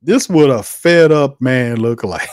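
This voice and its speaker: A man's voice: mid-range voice, expressive, takes it slowly, darkish tone, clear, resonant tone, no room sound, clean studio sound. A man hosting a sports talk livestream, ranting with exasperation, laughing often and tossing in "man" and "fam". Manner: laughs often, talks back to the chat. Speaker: sports talk show host.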